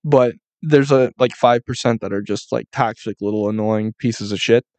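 A man's voice: mid-range voice, moderate pace, a little mellow, no room sound. A young man who works as a construction painter, ranting casually and rambling, with heavy swearing and lots of "like" fillers. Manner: profane, rambling, many "like" fillers.

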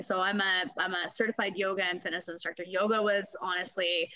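A woman's voice: on the low side, level tone, fairly quick, hardly any pauses, bright, forceful tone, faint music behind, rough recording. A woman, talking candidly in a casual interview, swearing freely and acting out quotes. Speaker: guest.

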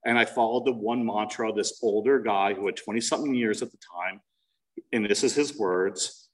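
A man's voice: lowish voice, normal speed, recorded from a distance, rough recording. Candid self-mocking man, recorded from afar. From New Jersey. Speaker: recovery meeting speaker. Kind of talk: personal recovery story shared at a meeting. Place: meeting room.

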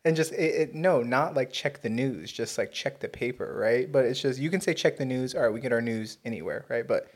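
A man's voice: mid-range voice, fairly quick, few pauses. A young man from Texas co-hosting a podcast, chatting casually, blunt and laughing often, swearing freely. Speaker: podcast co-host. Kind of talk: casual chat.

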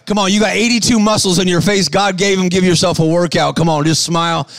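A man preaching a sermon to a live crowd, shouting to rouse the audience and calling for responses. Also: sits high, fairly even intonation, no room sound, soft background music. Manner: bursts of quick patter between slow, stressed lines.

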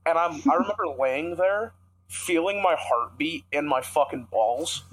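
A man's voice: a little high, measured pace, low-quality recording. Young man telling a profane story. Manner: profane, rambling, animated storytelling. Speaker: podcast co-host. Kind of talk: casual storytelling chat.

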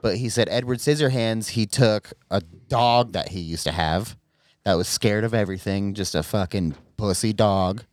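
Podcast co-host, man, lowish voice, dry close sound, fired-up and sweary. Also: normal speed, dry recording. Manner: excitable, swears a lot, rises sharply when worked up. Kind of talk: casual chat.

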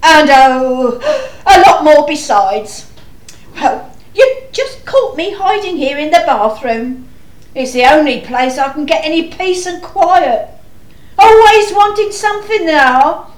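A woman playing a frazzled, exasperated mother of many children in a panto, chatty and slow. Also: high-pitched, expressive. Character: frazzled harried mother in a shoe house. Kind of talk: amateur panto acting. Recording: echoey room.

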